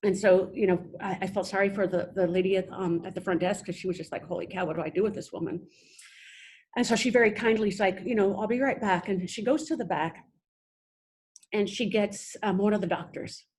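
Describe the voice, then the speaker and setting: A young adult woman, a podcast guest, telling her own story in a halting way with many restarts. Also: medium pitch, steady tone, a little mellow, husky. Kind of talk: personal storytelling interview.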